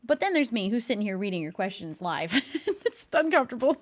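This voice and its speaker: A woman's voice: mid-range voice, big pitch swings, brisk. A woman streamer chatting casually with her live viewers, laughing often and talking to her cat between thoughts.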